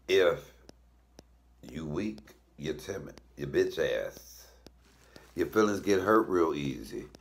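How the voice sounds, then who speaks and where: A middle-aged comedian tells blunt, profane stories while he cooks. His voice is low and gravelly, and his pitch jumps around a lot. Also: fairly bright tone. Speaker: comedian and cooking show host. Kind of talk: casual comic storytelling while cooking.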